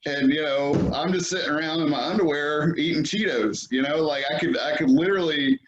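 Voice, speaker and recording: A man's voice: fairly high pitch, fairly quick, dull audio, background noise. A man hosting a podcast in casual chat, rambling with many fillers and restarts. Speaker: podcast host.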